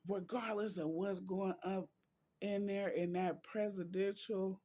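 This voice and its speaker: A man talks straight to his viewers in a slow, deliberate vlog and drags out his words. His voice sits a little high for a man. He sounds emotional and close to tears as he preaches his point. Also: steady tone, dark tone. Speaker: vlogger. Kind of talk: emotional vlog reading quotes.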